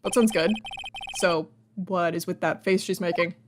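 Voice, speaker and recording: A woman's voice: on the low side, fairly even intonation, normal speed, background noise. A woman playing a video game and reading its dialogue aloud, with wry joking asides. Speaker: let's player.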